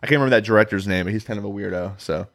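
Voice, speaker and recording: A man's voice: fairly low pitch, rapid-fire, a bit bright. A man co-hosting a podcast in casual chat, laid-back and agreeable, often repeating short yeahs while he reacts to music clips. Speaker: podcast co-host.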